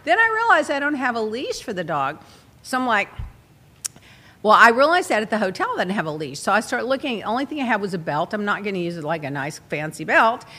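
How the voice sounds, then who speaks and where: A woman's voice: mid-range voice, a little fast. A woman hosting a talk show, telling a long, rambling personal story in casual chat and acting out her own asides. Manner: animated, rambling, quotes herself in asides. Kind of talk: chatty storytelling monologue.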